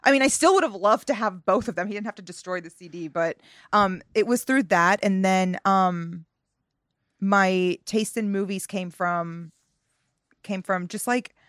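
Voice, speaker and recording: A young adult woman chatting as a podcast guest, lively, with many fillers and easy laughter. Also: medium pitch, no echo, studio quality. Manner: animated, quick to laugh, frequent fillers. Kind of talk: casual chat.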